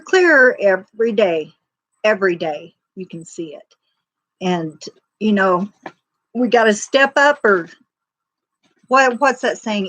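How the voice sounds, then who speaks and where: A woman chatting on her livestream in a loose, folksy, rambling way, full of "you know" and "um". Her voice sits at an ordinary middle pitch and sounds close and dry, with no room echo. She talks as if to friends. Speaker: livestream host. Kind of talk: casual faith-driven livestream chat.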